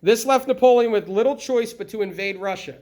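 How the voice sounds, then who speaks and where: A middle-aged man teaching a history lesson in a classroom, lively and constantly checking in with the students by asking questions. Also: extremely high pitch, fairly quick. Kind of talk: classroom lecture.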